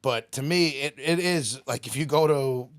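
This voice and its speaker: A man's voice: mid-range voice, normal speed, clear, resonant tone, no room sound, clean studio sound. A laid-back man co-hosting a casual comedy podcast, giving his opinions. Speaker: podcast co-host.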